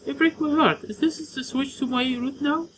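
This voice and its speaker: A man's voice: extremely high pitch, steady tone, normal speed, a bit bright, a little hiss or hum, pitched above the performer's own voice. A man playing a brash teasing tomboy.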